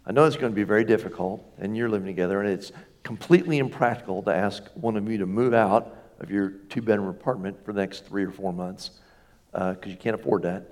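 A man's voice: on the low side, fast, darkish tone. A man preaching as a pastor in a conversational storytelling sermon, folksy, with self-deprecating humor and rhetorical questions.

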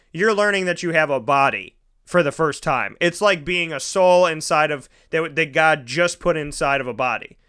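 A man's voice: on the high side, a bit bright, clean tone. A young man hosting a casual monologue, rambling through personal stories and acting out the people in them. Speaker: podcast host.

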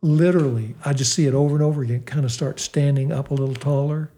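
An older man from the United States, telling stories about fathers and children in a talk, acting out the quoted lines and slowing down for emphasis. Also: a little high. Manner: animated storyteller, acts out quoted dialogue, slows for emphasis. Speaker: fatherhood speaker and guest. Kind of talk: storytelling talk with a Christian slant.

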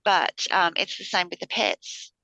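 Bright, dry-voiced woman podcast host. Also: on the low side, steady tone, measured pace, no echo, poor audio. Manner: rambling, many fillers and restarts. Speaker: podcast co-host, spiritual healer. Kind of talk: casual chat.

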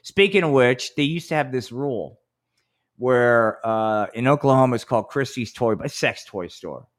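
A man's voice: medium pitch, expressive, normal speed. A man in his fifties, a podcast co-host telling rambling, profane stories in casual chat and acting out quotes in a raised voice. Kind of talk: casual storytelling.

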